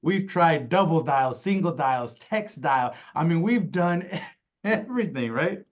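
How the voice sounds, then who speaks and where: In an insurance sales training, a man with a slightly high, animated voice talks at an unhurried pace, and the recording's highs are cut off. He's emphatic, repeatedly checking in with "right?" and addressing listeners as "y'all."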